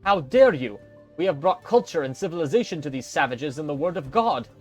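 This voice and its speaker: A man's voice: medium pitch, fairly quick, faint music behind, natural voice. A man reading out the lines of a haughty, condescending male colonial governor in a pompous, commanding way. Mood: indignant.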